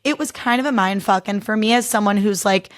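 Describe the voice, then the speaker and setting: A woman's voice: mid-range voice, a little fast. A young adult woman hosting her own podcast, talking candidly in a chatty, casual way and leaning heavily on "like". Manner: chatty and candid, heavy use of "like". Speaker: podcast host. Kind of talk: casual solo podcast recap.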